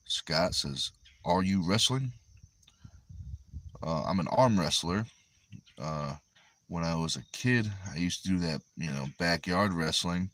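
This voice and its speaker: A man from Connecticut with a New England accent, hosting a livestream and reading viewer comments aloud in an easygoing, rambling way. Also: sits low. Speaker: arm wrestler and livestream host.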